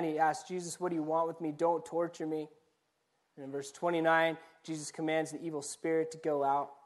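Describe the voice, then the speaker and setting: A man, a pastor, preaching a sermon, building points through repeated phrases and direct questions to the listeners. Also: a little high. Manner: preaching with rising emphatic repetition.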